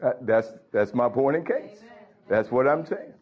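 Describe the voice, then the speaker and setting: A man preaching in a stern, blunt, scolding way, with a mid-pitched voice. The recording sounds dull and lo-fi. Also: lively intonation, a little slow. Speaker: pastor. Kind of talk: sermon.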